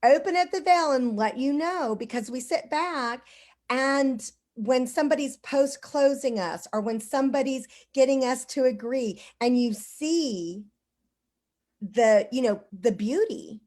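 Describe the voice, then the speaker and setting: Woman host, fairly high voice, rambling, chatty storyteller, video call. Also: unhurried, a little mellow. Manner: rambling storyteller, lots of "like" and "you know". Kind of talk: casual conversation.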